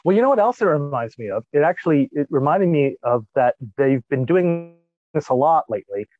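A man's voice: a little high, animated, brisk. A man co-hosting a podcast, thinking aloud in casual chat about a sitcom's habits. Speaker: podcast co-host. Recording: dry, slightly dull mic.

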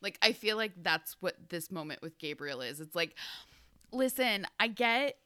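A woman co-hosting a podcast in casual chat, blunt and profane, riffing on the story with quick reactions. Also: low voice, lively intonation, bright, forceful tone, smooth, no room sound, clean studio sound. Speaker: podcast co-host.

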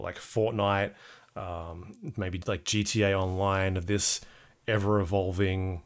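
A man co-hosting a podcast, chatting casually about game news with a relaxed, hesitant delivery and plenty of ums. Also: lowish voice. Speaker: podcast co-host. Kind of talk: casual gaming news chat.

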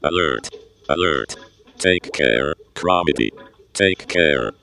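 Robotic alert machine, extremely deep, bright edge, flat announcing manner. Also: takes it slowly, vocal fry, heavily acted. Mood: warning.

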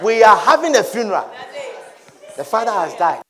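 A man preaching a sermon. He talks emphatically, repeats his phrases and swings into loud shouted declarations. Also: high-pitched, sing-song, moderate pace.

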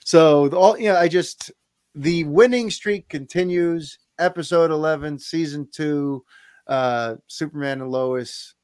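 A man's voice: fairly high pitch, measured pace, darkish tone, smooth, no room sound, clean studio sound. A man co-hosting a podcast, chatting casually and enthusiastically, rambling with lots of restarts. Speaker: podcast co-host.

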